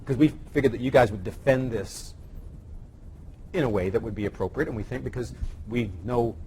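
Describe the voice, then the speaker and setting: A man's voice: mid-range voice, brisk, dark tone, slight background noise. A man teaching a live class on evidence-based medicine, chatty and teasing with his co-presenter. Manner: jokey, teasing, conversational. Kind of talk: live teaching session with banter.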